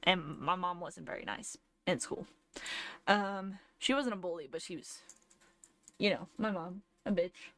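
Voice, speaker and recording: A woman's voice: on the low side, a little slow, fairly bright tone. A young woman streamer casually telling a rambling personal story, often laughing as she goes.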